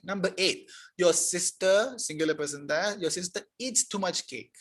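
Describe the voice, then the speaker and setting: A man teaching English in a live online class, with a fairly high voice. He talks in a friendly, chatty way and often restarts his sentences midway. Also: normal speed, a bit bright.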